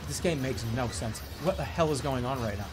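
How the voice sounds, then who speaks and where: Male streamer, animated and profane, mutters and shouts in turn, game music audible. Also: fairly quick. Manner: swings from low muttering to angry shouting, swears often. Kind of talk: gaming livestream commentary.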